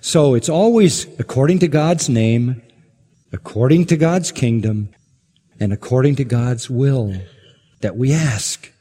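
A man preaching a sermon as pastor, emphatic and building to forceful peaks, asking the listeners rhetorical questions. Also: mid-range voice, measured pace, breathy edge. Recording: long hall reverb.

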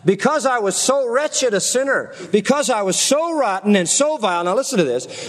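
Male preacher, high-pitched, emphatic sermon delivery with rhetorical questions; long reverb of a big hall. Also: expressive. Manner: emphatic preaching, rising high on key words, slowing to stress; asks the congregation rhetorical questions. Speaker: pastor.

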